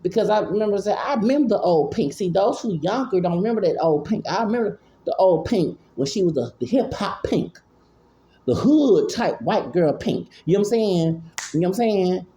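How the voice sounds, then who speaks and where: A man's voice: high voice, lively intonation, normal speed, dark tone. A man, talking in rambling casual commentary, often repeating and stammering. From Houston, Texas. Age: 40s. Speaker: vlogger.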